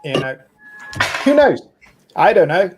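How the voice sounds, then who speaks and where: A man's voice: sits high, big pitch swings, a little slow, music in the background. A male guest author chatting casually and musing on a spooky video. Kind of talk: casual chat.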